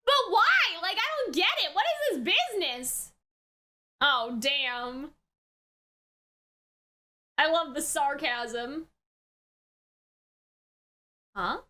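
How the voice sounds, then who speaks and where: Very high, bright-voiced woman reacting. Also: expressive, drawn-out words, long pauses. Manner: exclamatory, frequent gasps and swearing while watching; chatty, filler-heavy with many "like" and "right". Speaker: anime reaction and review YouTuber. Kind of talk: casual live reaction then spoken review.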